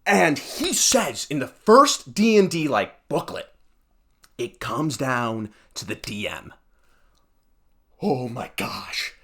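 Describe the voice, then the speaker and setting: A young male podcast host rants alone to the mic, heated and exasperated. His pitch leaps around wildly from low grumbles to high squeaks. Sarcastic asides keep cutting into the tirade. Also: sing-song, slow pace, bright, forceful tone, husky. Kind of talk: ranting solo podcast.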